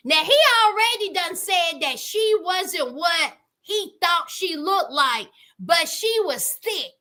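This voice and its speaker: A woman hosting a casual reality TV recap, animated and exclaiming, talking straight to her viewers. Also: extremely high pitch, slow pace.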